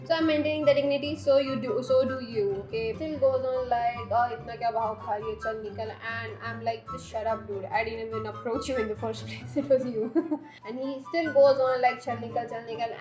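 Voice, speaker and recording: High-voiced young woman ranting. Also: fairly quick. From India. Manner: exasperated ranting, frequent laughter and swearing. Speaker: beauty vlogger. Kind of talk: storytime chat while doing makeup. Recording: echoey room with faint background music.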